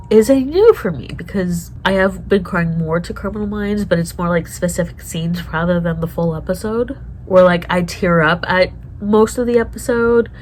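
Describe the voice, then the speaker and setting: Lower-voiced woman in an emotional reaction vlog. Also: slight background noise, rough recording. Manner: emotional, swears often, talks to herself. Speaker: vlogger reacting to a TV show. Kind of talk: casual reaction chat.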